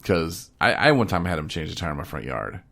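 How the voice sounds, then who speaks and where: A man co-hosting a podcast, telling stories in a drawling, folksy way with hushed asides. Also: low-pitched, very animated, fairly quick, creaky. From Michigan. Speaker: podcast co-host. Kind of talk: casual storytelling chat.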